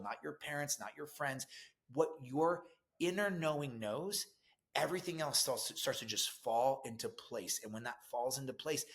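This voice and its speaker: A middle-aged man gives a motivational talk as a business coach. His delivery is earnest and emphatic but stays conversational. His voice sits at an ordinary, mid pitch for a man. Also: a bit bright.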